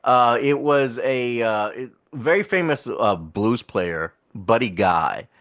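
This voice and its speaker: A man's voice: medium pitch, slow, fairly bright tone. A man co-hosting a podcast, casually retelling a film plot in a rambling way with laughs. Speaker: podcast co-host. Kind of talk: casual film review chat.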